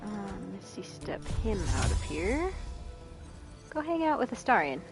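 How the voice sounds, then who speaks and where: A woman's voice: on the high side, big pitch swings, a little slow, music in the background. A woman streaming a video game, chatting casually, laughing often and reading lines aloud. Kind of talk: casual gameplay commentary.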